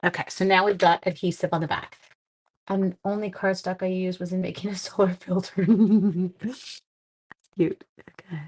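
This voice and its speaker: A woman's voice: lowish voice, flat delivery, a little fast, rough recording. Middle-aged woman hosting a live card-making demo; chatty and self-mocking. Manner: chatty, self-deprecating, talks while working. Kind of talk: live-streamed crafting demo.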